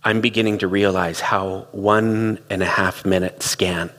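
A man's voice: sits low, fairly even intonation, unhurried, fairly bright tone, in a large hall. A middle-aged man giving a reflective, conversational talk, telling stories and acting out quoted dialogue. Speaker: speaker on relationships.

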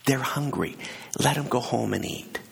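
A man's voice: medium pitch, normal speed, creaky, husky, heavily acted. A man voicing an exasperated male disciple, blunt and fed up, in a casual sermon retelling. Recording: long hall reverb.

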